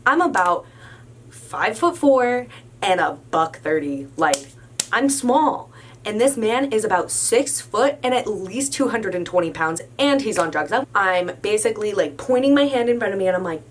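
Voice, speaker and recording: A young adult woman telling a story about her job in a casual, animated way, with lots of "like"s. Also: mid-range voice, normal speed, slight background noise. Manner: animated, emphatic retelling with many "like"s. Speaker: storyteller recounting a work incident.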